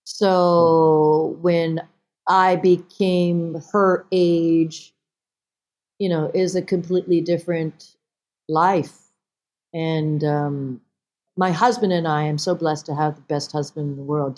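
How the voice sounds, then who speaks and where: A woman with a low voice speaks slowly as an actress guesting on a podcast in a casual interview. She's an animated storyteller who acts out bits of dialogue.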